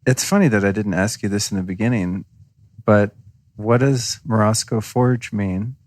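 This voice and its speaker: A man's voice: lowish voice, steady tone, moderate pace, darkish tone, no echo, studio quality. A man hosting a podcast interview, casual with friendly joking asides. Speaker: podcast host.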